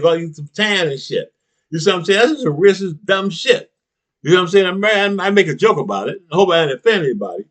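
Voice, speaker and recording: Middle-aged man, slightly high voice, heated profane monologue full of "huh?" asides and chuckles. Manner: blunt and profane, peppers talk with "huh?" and "you know what I'm saying"; chuckles between heated points. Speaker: political commentator. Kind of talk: ranting political monologue.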